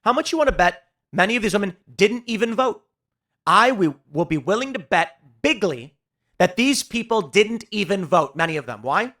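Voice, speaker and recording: A man's voice: sits high, animated, moderate pace, a bit bright. A man hosting a political commentary show, talking in an emphatic, sarcastic ranting way. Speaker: host.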